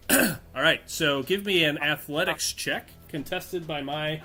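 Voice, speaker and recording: Bright-voiced man running a tabletop game. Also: a little high, faint music behind. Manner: descriptive, unhurried scene narration with fillers. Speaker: game master.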